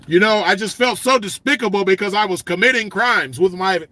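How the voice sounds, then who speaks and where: A man voicing a prim, nerdy man who fakes a criminal past, using stiff, proper wording, slow and subdued. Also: high voice, sharp tone, dry recording. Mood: mock-earnest.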